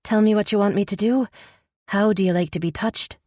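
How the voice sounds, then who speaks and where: A woman's voice: mid-range voice, fairly even intonation, brisk, darkish tone, dry recording, studio quality, voice pushed up, lightly acted. A woman voicing a young, innocent princess, eager and a little trembling. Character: young innocent princess, bold yet nervous.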